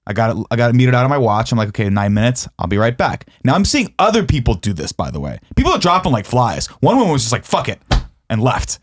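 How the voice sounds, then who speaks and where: A man on a chat show telling a profane, animated story and acting out his own shouting. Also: mid-range voice, quick pace. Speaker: podcast co-host. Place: studio.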